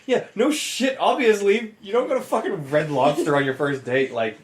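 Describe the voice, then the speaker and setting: A man's voice: fairly high pitch, moderate pace, hardly any pauses, slight background noise. A man co-hosting a comedy podcast, reading a story aloud and breaking in with sarcastic, exasperated asides. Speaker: podcast co-host.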